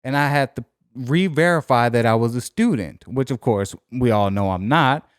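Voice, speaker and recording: A young adult man casually telling a story on a podcast, animated and profane, acting out both sides of each conversation. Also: mid-range voice, normal speed, smooth, no echo, clean studio sound. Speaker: podcast co-host.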